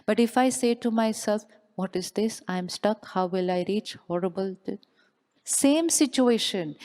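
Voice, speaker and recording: A spiritual speaker, a woman with a medium-pitched, slightly mellow voice, gives a motivational talk to a live audience. She often asks questions and repeats them, and the recording carries a long hall reverb.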